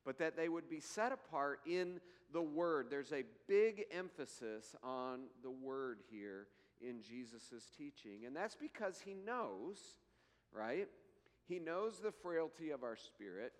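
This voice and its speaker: A man preaching a sermon in an earnest way, slowing down and lifting his voice to read scripture. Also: fairly high pitch, expressive, long reverb tail. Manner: slow, earnest preaching, rising to emphatic scripture readings. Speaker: pastor.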